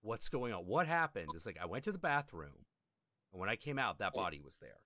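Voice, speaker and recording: A man's voice: low voice, fairly quick, no echo, clean studio sound. A man hosting a stream, telling a long anecdote in casual chat and acting out the people in it. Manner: animated, acts out quoted characters. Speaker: stream host telling a story.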